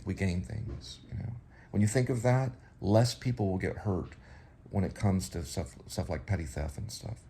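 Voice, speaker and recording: A man's voice: on the low side, vocal fry, dark tone. A man hosting a casual home vlog, rambling and reflective, often circling back to correct himself. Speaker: vlog host.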